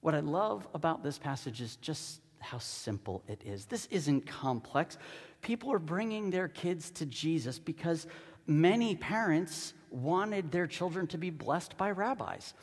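A man preaching a sermon as pastor, swinging between hushed asides and loud, fervent stretches. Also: fairly high pitch, expressive, unhurried. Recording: long reverb of a large hall.

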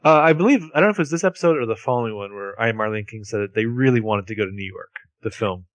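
A man's voice: fairly low pitch, animated, rapid-fire, no room sound. A man co-hosting a podcast, narrating plot events step by step in casual chat. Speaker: podcast co-host.

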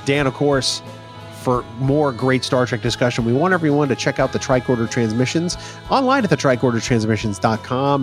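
A man's voice: medium pitch, expressive, normal speed, faint music behind. A man co-hosting a podcast in casual chat, teasing his partner and laughing often. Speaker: podcast co-host.

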